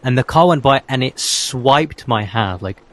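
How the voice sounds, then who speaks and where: A man's voice: mid-range voice, animated, measured pace, a bit bright, poor audio. A young man co-hosting a podcast, telling a childhood story in casual chat and filling his speech with "like". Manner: fills speech with "like". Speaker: podcast co-host.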